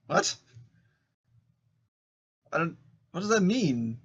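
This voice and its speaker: A young man co-hosting a casual podcast, giving animated, jokey commentary. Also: a little high, moderate pace. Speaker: podcast co-host. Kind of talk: casual chat.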